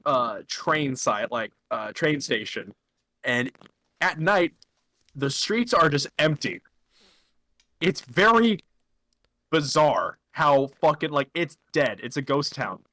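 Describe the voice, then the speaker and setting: A man from the Buffalo area telling a rambling, halting story in casual chat with friends. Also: fairly high pitch, big pitch swings, sharp tone, no room sound, low-quality recording. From Buffalo, New York area.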